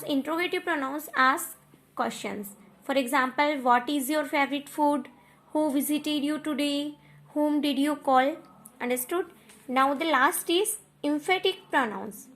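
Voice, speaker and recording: A woman's voice: high voice, fairly bright tone. A woman teacher with an Indian English accent, giving an online grammar lesson, repeating points and checking in with "okay" and "understood".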